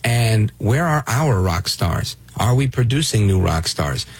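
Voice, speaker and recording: A man's voice: lowish voice, big pitch swings, a little slow, husky. A man from Brooklyn hosting a call-in radio show, talking emphatically and often asking "right?". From Brooklyn, New York. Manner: emphatic, restarts and rhetorical "right?". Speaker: radio talk show host.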